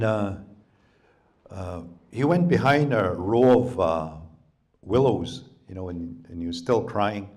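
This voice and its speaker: A Canadian storyteller tells a traditional folktale to an audience at a public library, his voice very deep, low, and somewhat dark. He speaks slowly and haltingly, filling pauses with "you know" and "um." The oral telling comes across as plain and conversational rather than polished.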